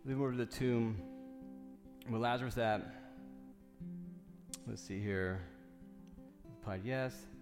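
A man's voice: medium pitch, measured pace, long pauses, big-room sound, over music. A man reading scripture and preaching a sermon, building to fervent repeated questions. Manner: reads scripture then preaches with rising fervor, repeating lines.

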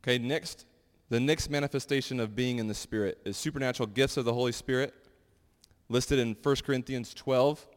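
A man's voice: medium pitch, brisk. Man preaching casually in a reverberant hall. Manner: conversational, animated storytelling with many fillers. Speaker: pastor. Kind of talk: sermon with personal testimonies.

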